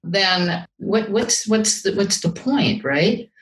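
A woman's voice: mid-range voice, animated, takes it slowly. A woman speaking as a guest vocal coach in an interview, enthusiastic and often repeating words as she searches for the next one. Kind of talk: casual interview talk. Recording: roomy echo.

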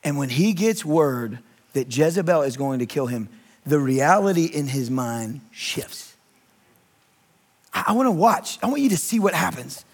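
Animated high-voiced preacher man. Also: measured pace, creaky. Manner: animated preaching, rising to shouts; candid, self-deprecating personal story. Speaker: pastor. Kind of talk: sermon.

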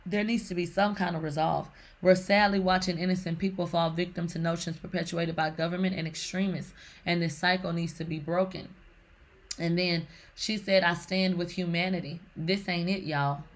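Woman, gossip commentary host, sassy, slangy, bright voice. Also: fairly low pitch. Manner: sassy, animated, slangy, reads comments aloud. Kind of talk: casual celebrity gossip commentary.

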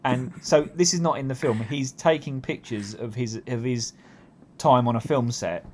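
A man's voice: medium pitch, fairly even intonation, moderate pace, a little mellow. A man riffing in a casual comedic chat, rambling with lots of fillers and amused laughs.

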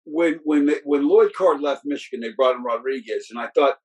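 A middle-aged man with a husky, somewhat breathy mid-range voice reminisces like a football coach, talking a little fast in a relaxed, casual chat. He rambles, breaking off and restarting sentences and filling pauses with "you know." The audio quality is poor.

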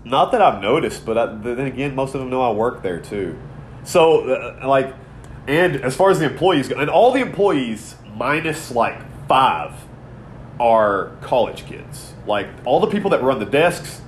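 A man's voice: mid-range voice, animated, measured pace, slight background noise. Profane, rambling man in his thirties. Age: 30s. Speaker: podcast co-host. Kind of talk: casual chat.

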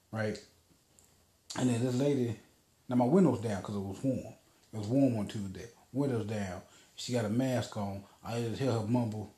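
A man rants through a casual story as a podcast host, swearing freely and wandering between fillers. His voice is dark and mellow. The room around him is echoey. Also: medium pitch, normal speed. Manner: profane, rambling, lots of fillers.

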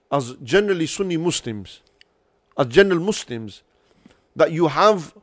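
Male podcast host, fairly high voice, dry close sound, earnest advisory talk. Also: no echo. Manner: earnest, advisory, many restarts. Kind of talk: casual podcast discussion.

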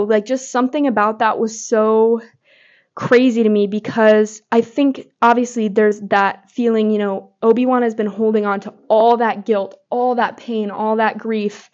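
A woman hosting a podcast, giving casual fan commentary in a gushing way with lots of filler words. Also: fairly high pitch. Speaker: podcast host. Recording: slightly dull lo-fi audio.

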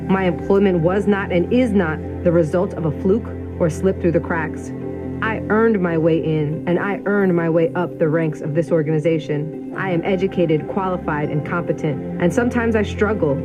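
A woman's voice: on the low side, moderate pace. A woman in her thirties giving a firm, declarative scripted narration for a recruitment ad. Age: 30s. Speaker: spokeswoman in a recruitment ad. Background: music.

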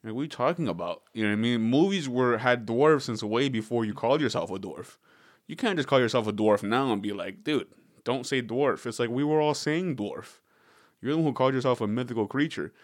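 Speaking at a quick pace with an animated, medium-pitched voice, this young podcast host sounds clean and echo-free in the studio. His chat is casual and comedic, rambling along with jokes and swearing.

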